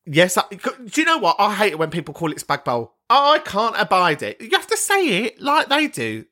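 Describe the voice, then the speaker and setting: A man hosting a podcast, chatting casually and swearing freely as he reacts to listener voice notes, gossipy and quick to laugh. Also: high-pitched, wildly swooping pitch, sharp tone. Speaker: podcast host.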